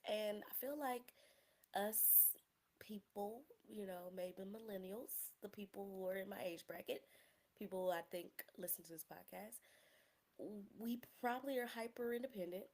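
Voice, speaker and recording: A woman's voice: medium pitch, moderate pace, a little mellow. A woman in her thirties hosting a personal podcast, talking candidly and emotionally, close to tears at times, with casual slangy humor. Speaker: podcast host.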